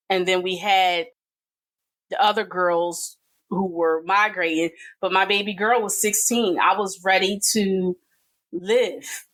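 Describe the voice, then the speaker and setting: A middle-aged woman talks as a guest on a podcast. Her voice sits a little low, and she speaks earnestly and emotionally. She pauses and uses fillers as she tells her own story. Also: fairly bright tone, poor audio. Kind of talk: personal testimony in an interview.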